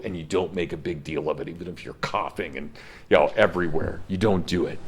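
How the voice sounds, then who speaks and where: A deep-voiced, middle-aged professor lecturing in a classroom. He tells his story earnestly and gets emotional, his voice cracking now and then. The sound is plain and close to the speaker. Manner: earnest storytelling, breaks into laughs when moved. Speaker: college professor.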